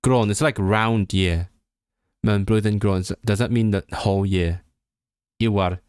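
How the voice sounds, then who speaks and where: A man learning a language, reading exam text aloud and thinking through answers, halting and correcting himself as he goes. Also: lowish voice, fairly even intonation, darkish tone, clean tone, no echo, studio quality. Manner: halting and self-correcting, sounding out words, bursts of surprised laughter. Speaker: language learner streaming his study.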